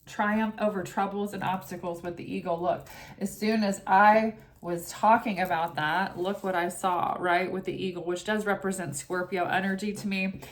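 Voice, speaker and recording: A woman's voice: medium pitch, fairly even intonation, normal speed, few pauses. A woman doing a tarot reading in a chatty, casual way, full of asides like "you know" and "right?", who also recites short prayers. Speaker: tarot reader.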